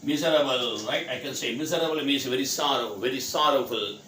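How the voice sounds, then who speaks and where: Spelling words letter by letter and then explaining them, an Indian man gives an English vocabulary lesson, posing questions and answering them himself. He speaks a little fast, at a medium pitch, with a bright, pushed delivery. There's faint noise and the room echoes.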